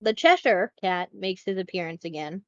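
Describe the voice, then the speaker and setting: A woman co-hosting a casual podcast, retelling a film in a chatty, profane, animated way. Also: fairly low pitch, moderate pace, no room sound, lo-fi sound. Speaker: podcast co-host.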